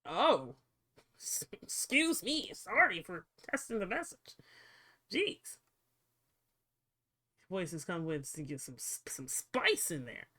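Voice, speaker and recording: A woman streamer with a lively voice that swings high and low, talking casually to her chat at an unhurried pace. She swears freely and reacts out loud as she tinkers with her settings. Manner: expressive, swears freely, talks to chat while fiddling with settings. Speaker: livestreamer.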